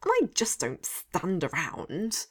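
A woman voicing a cheerful, eager male skeleton who is tall and lanky, speaking hopefully and with excited outbursts. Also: fairly low pitch, slow, breathy edge, full character voice. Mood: earnest. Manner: hopeful, bursts into excited exclamations.

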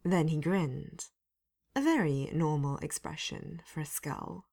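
A woman narrating a story aloud in an unhurried, dry reading voice. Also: sits low, expressive, gravelly, darkish tone.

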